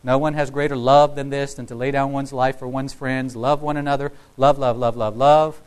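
A man giving a sermon to his congregation in a relaxed, conversational way, breaking into the voices of the people in his text. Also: medium pitch, moderate pace, clear, resonant tone, poor audio. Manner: conversational, acts out quoted dialogue. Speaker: pastor.

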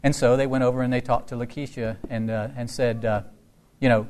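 A man's voice: mid-range voice, moderate pace, a little mellow. A man preaching a sermon as a Lutheran pastor, telling stories conversationally with frequent restarts.

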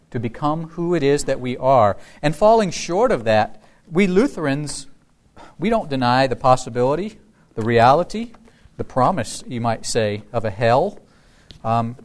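Conversational male Lutheran pastor. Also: medium pitch. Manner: conversational storytelling with frequent restarts. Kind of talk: sermon.

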